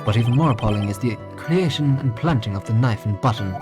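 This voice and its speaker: A streamer voicing a suave, cold male hired assassin from game dialogue, in a measured, aloof manner. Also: mid-range voice, animated, pitched below the performer's own voice, lightly acted. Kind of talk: reading game dialogue aloud. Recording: game music behind voice.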